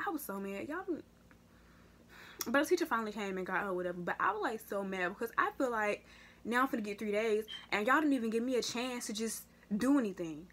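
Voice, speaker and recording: A young woman vlogger telling a casual story to her viewers, slangy and animated, with big jumps in pitch and loudness. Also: a little fast, slightly rough. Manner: addresses viewers as y'all. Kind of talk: casual story time vlog.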